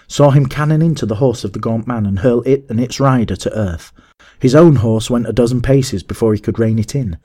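Low-voiced man reading a story aloud. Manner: measured, even storytelling that rises to shouts in dialogue. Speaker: narrator. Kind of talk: audiobook reading of a classic story.

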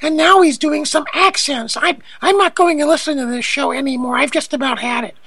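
A man's voice: very high voice, fairly quick, pushed and bright, no echo, pitched above the performer's own voice, full character voice. A man voicing a whiny, fed-up male listener who complains in a huffy manner.

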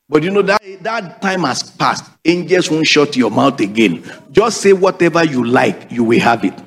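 Pastor, high lively voice, emphatic call-and-response preaching. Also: male voice. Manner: emphatic, repetitive, calls for congregation responses. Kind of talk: preaching sermon.

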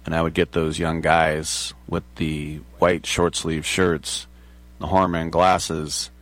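A man's voice: sits low, no room sound. A man hosting a talk show in a casual, digressive monologue, chuckling at his own asides.

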